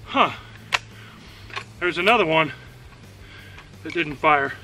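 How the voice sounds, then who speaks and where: A man's voice: a little high, takes it slowly, soft background music. A man hosting a casual outdoor shooting vlog, talking through his shots at a range. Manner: relaxed running commentary between shots. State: out of breath at times. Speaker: host of a shooting channel.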